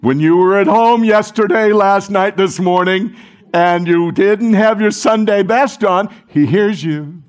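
A man preaching a sermon to a congregation, animated, talking with the room and acting out the quoted voices. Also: high voice, measured pace. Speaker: pastor.

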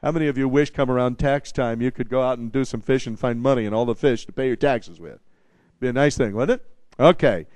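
A man preaching an expository sermon, animated and repeating phrases for emphasis, with wry humorous asides to the congregation. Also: mid-range voice, fairly quick, dry recording. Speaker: pastor.

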